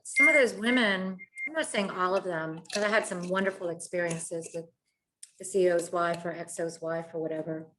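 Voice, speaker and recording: A woman's voice: on the low side, moderate pace, noisy background. A woman veteran hosting the show, chatting casually and making her points with emphasis. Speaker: host, veteran. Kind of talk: casual conversation.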